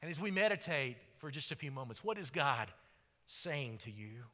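A man's voice: medium pitch, sing-song, normal speed, sharp tone. A man preaching a sermon as pastor, with fervent delivery that rises and falls. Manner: fervent, rising and falling delivery. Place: large church sanctuary. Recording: long hall reverb.

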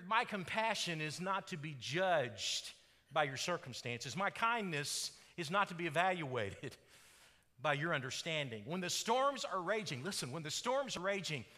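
High, bright-voiced preacher in a hall. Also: male voice. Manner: dramatic storytelling, rising to shouts and dropping to hushed tones. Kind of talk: sermon.

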